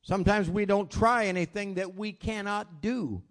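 An older man with grandchildren preaching a sermon, telling folksy stories and swinging from loud exclamations to quiet asides. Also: high voice, moderate pace. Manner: folksy storytelling with plain southern-style grammar.

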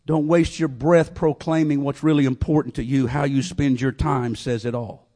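A man's voice: medium pitch, steady tone, normal speed, dark tone. A man preaching a revival sermon, repeating his phrases over and over and calling out to the congregation. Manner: repetitive, call-and-response preaching.

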